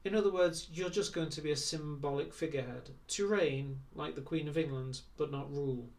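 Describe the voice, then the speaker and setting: A man reading aloud and voicing a wry grown man who questions and gently teases. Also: on the high side, a little fast, creaky, far from the mic. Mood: teasing. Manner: bantering, gently teasing.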